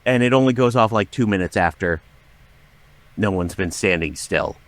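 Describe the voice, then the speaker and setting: A middle-aged man, a podcast guest, telling a story with lots of swearing and dramatic acted-out shouting. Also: lowish voice, normal speed. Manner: profane, dramatic, acts out his own shouting. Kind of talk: animated storytelling.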